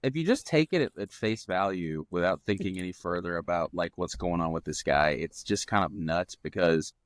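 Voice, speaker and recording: A man with a fairly low voice chats as a guest on a casual movie podcast. He talks in an animated way, and his voice comes across close and dry. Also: normal speed, dry recording. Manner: animated, acts out quoted voices.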